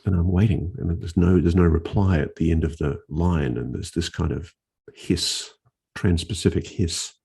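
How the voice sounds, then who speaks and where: A male journalist telling a story in casual conversation, animated and often restarting his phrases. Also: deep voice, normal speed, vocal fry, husky. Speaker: investigative journalist, interview guest.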